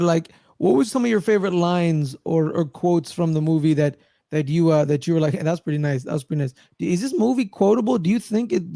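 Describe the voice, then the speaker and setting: A man with a somewhat high voice co-hosts a casual movie review chat. He is animated and acts out characters' lines as he retells scenes. The sound is dry and close. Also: creaky, no room sound. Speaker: podcast co-host.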